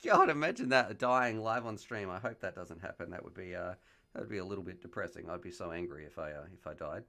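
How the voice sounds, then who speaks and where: A man's voice: low voice, animated, fast, sharp tone. A man hosting a casual live stream on a headset mic. He chats, jokes and reads viewer questions aloud. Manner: chatty, joking, reads chat messages aloud.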